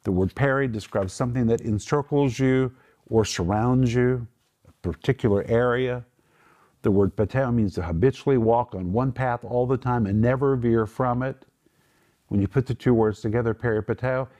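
A man's voice: medium pitch, normal speed, mellow. A middle-aged man teaching from the Bible on a television program, emphatic and explaining Greek words step by step.

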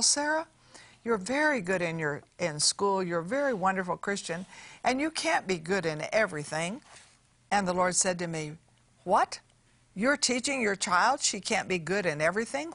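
An older woman preaching a television sermon, telling a family story and quoting scripture with earnest, animated emphasis. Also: medium pitch, dry recording. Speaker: TV minister.

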